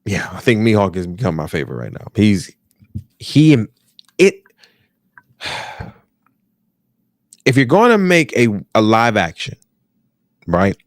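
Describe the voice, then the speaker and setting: A man's voice: fairly low pitch, big pitch swings, slow, long pauses, no room sound, clean studio sound. An American man with an African American English accent hosting a podcast, ranting casually and profanely, repeating phrases for emphasis. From United States. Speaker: podcast host.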